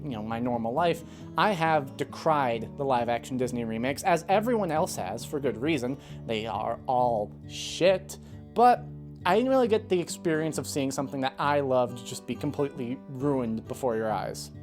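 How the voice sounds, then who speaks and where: A woman's voice: rumbling low, a little mellow. A woman ranting in a video review, heated and exasperated, swearing freely and sighing between points. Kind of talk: ranting commentary.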